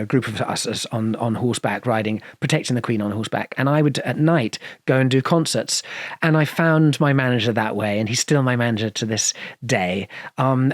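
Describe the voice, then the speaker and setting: A man's voice: mid-range voice, dry recording, studio quality. A man with a posh English accent, a guest telling long stories in an interview, rambling with many restarts and fillers. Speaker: guest musician. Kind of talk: casual interview storytelling.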